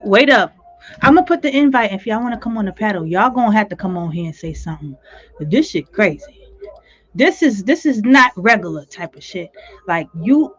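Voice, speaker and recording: A woman's voice: mid-range voice, breathy edge. Woman, livestream host, blunt, swears freely, dull lo-fi sound. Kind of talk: livestream commentary.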